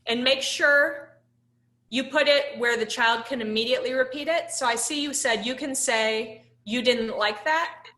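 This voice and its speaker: Bright-voiced woman teaching a class. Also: high voice, moderate pace, reverberant. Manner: conversational, many "um"s, asks the class questions. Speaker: instructor. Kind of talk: live online class lecture.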